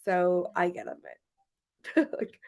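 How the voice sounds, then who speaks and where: A woman's voice: on the low side, huge pitch swings, slow pace, vocal fry, darkish tone. A woman from Washington State co-hosting a podcast livestream, chatting casually with frequent laughs and rambling restarts. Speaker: podcast co-host.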